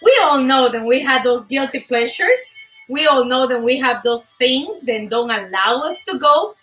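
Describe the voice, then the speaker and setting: Bright high-voiced animated woman host. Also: moderate pace, distant mic, faint music behind, low-quality recording. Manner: animated, emphatic, laughs often. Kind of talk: live motivational talk show.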